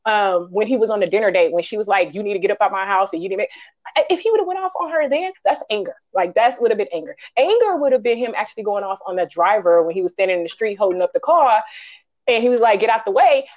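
A woman co-hosting a podcast, reviewing a film in casual chat, animated and ranting, acting out quotes in high voices. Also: fast talker, dull audio. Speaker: podcast co-host.

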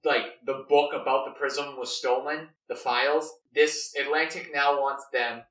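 A young man casually brainstorming a story, rambling with many fillers and animated restarts, recorded roomy and off-mic. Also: mid-range voice, a little slow, far from the mic. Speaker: story co-writer.

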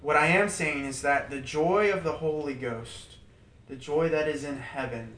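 A man's voice: on the high side, moderate pace. Guy leading a bible study, chatty and emphatic, kinda far from the mic in an echoey room. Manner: animated, emphatic repetition, laughs while telling stories. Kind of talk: informal teaching to a small group. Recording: roomy, distant mic with faint background noise.

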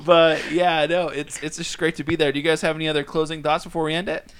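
A man's voice: a little high, level tone, quick pace, a bit bright, a little hiss or hum. A young man hosting a casual podcast chat, rambling with lots of fillers and restarts. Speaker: podcast host.

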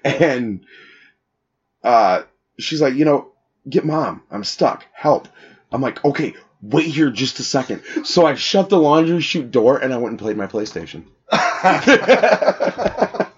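Husky, foul-mouthed podcast co-host man. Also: mid-range voice, lively intonation, normal speed, lo-fi sound. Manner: crude, swearing storyteller who laughs at his own jokes. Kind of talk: casual crude banter.

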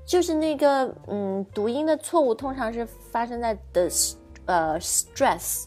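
A woman's voice: a little high, animated, measured pace, warm tone, faint music behind. A woman co-hosting a bilingual lesson, explaining pronunciation patiently and checking in with her listeners. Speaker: English pronunciation teacher, co-host.

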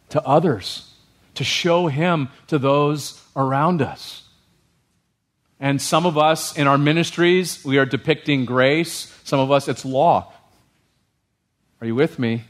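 A male pastor giving a sermon in a lively, humorous way, often checking in with the congregation. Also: mid-range voice.

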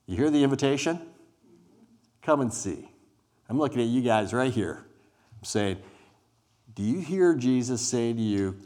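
A guest preacher delivers a conversational, inviting sermon to a live congregation in a church hall, acting out scenes from scripture. His fairly low, darkish voice is animated but measured in pace, with long pauses.

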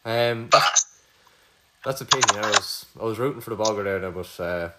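A man's voice: on the low side, moderate pace, heavy background noise. A young Irish man running a casual quiz between friends, teasing and swearing freely. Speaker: quizmaster. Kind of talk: casual chat.

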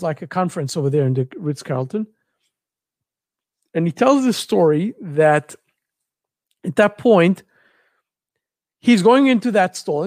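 Man, high voice, dry close sound, animated storyteller. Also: no room sound. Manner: searches for words, repeats phrases, animated retelling. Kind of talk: casual storytelling.

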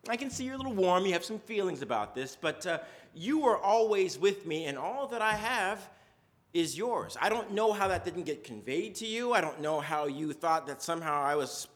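A man voicing a patient, loving older father in a retold parable, gentle and reassuring. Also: sits high, big pitch swings, normal speed.

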